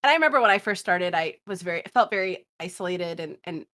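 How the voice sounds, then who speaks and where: A woman from the South, a podcast guest telling long, animated stories in casual chat and swearing freely. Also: on the low side, quick pace.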